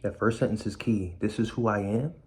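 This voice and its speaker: A man shares his story in candid personal talk from a room in a borrowed house, speaking bluntly and streetwise while repeating key phrases. His voice is lowish, a little mellow, and brisk.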